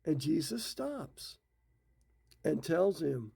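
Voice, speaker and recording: A man's voice: a little high, big pitch swings, slow pace, vocal fry, dark tone, husky. A middle-aged man who teaches the Bible, retelling scripture stories in a folksy, casual way. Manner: folksy, retells scripture in his own words.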